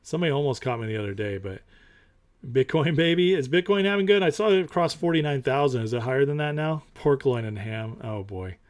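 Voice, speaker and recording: A man hosting a casual stock market talk show, animated and opinionated, who repeats his points for emphasis. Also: brisk. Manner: mocks others in high put-on voices.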